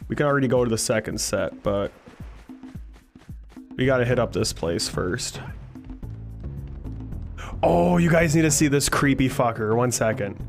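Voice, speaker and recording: A man's voice: medium pitch, animated, a little slow, creaky, pauses often, soft background music. Loose, joking male game streamer. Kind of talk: casual gameplay commentary.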